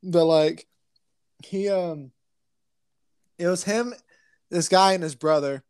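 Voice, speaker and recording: A man's voice: high-pitched, slow pace, clean tone, dry recording. A young man chatting casually on a podcast, telling a rambling story, laughing often and swearing. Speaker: podcast co-host. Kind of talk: casual chat.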